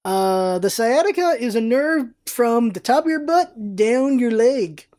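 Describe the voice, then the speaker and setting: A woman's voice: on the high side, expressive, unhurried, dark tone. A woman talking to camera in a casual vlog, rambling and correcting herself as she goes. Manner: rambling, self-correcting, chatty. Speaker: vlogger.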